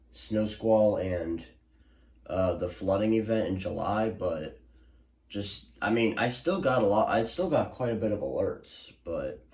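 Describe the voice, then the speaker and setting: A young man talks casually to his viewers, rambling, restarting sentences and filling gaps with ums. His voice sits low. The room around him is echoey. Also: a little mellow. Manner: rambling, many restarts and fillers. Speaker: weather alert vlogger. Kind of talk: casual recap to camera. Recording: roomy echo.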